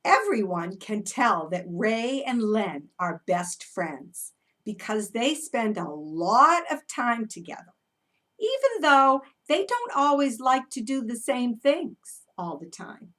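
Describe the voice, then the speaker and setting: Lively story-time woman, far from the mic. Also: on the high side, slow. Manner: animated and encouraging, speaking to toddlers. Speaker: early childhood educator. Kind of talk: children's story time with movement.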